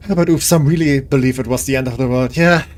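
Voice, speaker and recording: A man's voice: medium pitch, brisk. Tired, rambling male streamer. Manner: rambling, joking, self-deprecating, talks to chat. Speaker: streamer playing a game. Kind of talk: casual live-stream chat.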